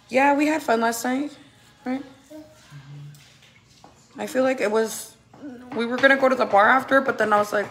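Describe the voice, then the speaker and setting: A woman's voice: on the high side, steady tone, normal speed, pauses often, a bit bright, faint music behind. Chatty, laughing woman vlogger. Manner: chatty, laughs often, switches into Spanish with her kids. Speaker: vlogger and mother. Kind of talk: casual chat to camera. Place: family home.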